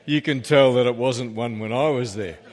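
A man's voice: medium pitch, moderate pace. A man preaching a sermon as pastor, emphatic and peppered with humorous asides. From Australia. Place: church hall. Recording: reverberant church hall.

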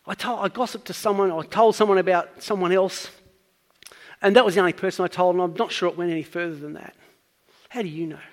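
A man's voice: sits high, steady tone, fast, long reverb tail. A man preaching a sermon, earnestly teaching and building up to emphatic points.

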